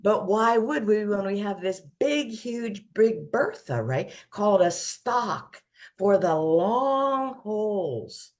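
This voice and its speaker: A woman's voice: mid-range voice, animated, slow pace, darkish tone. A woman financial advisor explaining things in casual conversation, using folksy analogies and often restarting her sentences.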